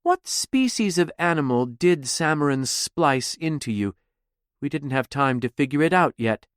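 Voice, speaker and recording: A man's voice: a little high, expressive, unhurried, smooth, no echo, clean studio sound. A man voicing a coldly taunting woman officer during an interrogation in an audiobook. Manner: taunting, theatrical, demanding.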